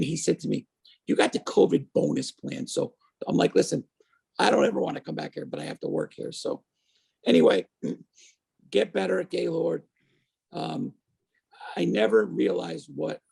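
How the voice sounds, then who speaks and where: Gravelly man in his fifties telling a story. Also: a little high. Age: 50s. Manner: animated storyteller acting out quoted voices. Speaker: interview guest. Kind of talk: storytelling in an interview.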